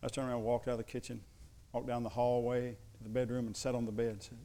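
A man's voice: mid-range voice, flat delivery, fast talker, warm tone. Preaching man telling stories. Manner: storytelling, acts out voices of family members. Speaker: pastor. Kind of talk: sermon with personal stories.

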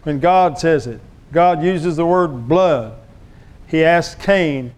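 A man's voice: on the high side, slow pace, a little mellow. A man preaching a sermon as pastor, emphatic and preachy, calling on his congregation to answer back.

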